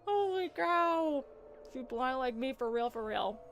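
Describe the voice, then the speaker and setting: Giggly female streamer, light on the higher side, easygoing chatter with music in the background. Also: lively intonation, unhurried. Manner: playful, giggly, stumbles over tongue twisters. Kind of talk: casual live-stream chat while gaming.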